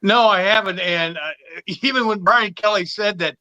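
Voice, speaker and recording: A man's voice: high-pitched, normal speed, hardly any pauses, sharp tone, lo-fi sound. A man co-hosting a sports podcast, talking casually and hesitantly, with repeated starts. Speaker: podcast co-host giving picks.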